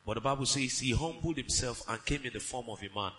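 A man co-teaching a sermon with his wife, delivering scripture in a steady, measured way. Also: mid-range voice, in a large hall, low-quality recording.

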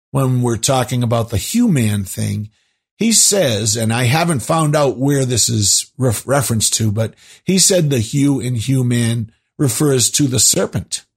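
Husky rambling man talking to listeners. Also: mid-range voice. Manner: rambling, conversational, many asides. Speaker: show host. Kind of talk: casual monologue to listeners.

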